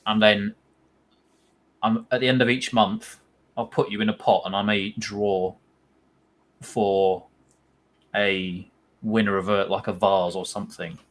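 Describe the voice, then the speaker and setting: A man's voice: fairly low pitch, little pitch movement, measured pace, pauses often, a bit bright. A young man co-hosting a casual live fan watch-along, chatty and rambling, playfully spinning silly stories.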